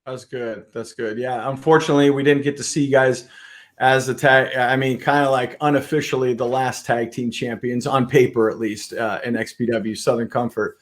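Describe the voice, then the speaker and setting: A man's voice: mid-range voice, fairly even intonation, moderate pace. A man hosting an interview podcast, talking casually with lots of restarts. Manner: rambling, many fillers and restarts. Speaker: podcast host.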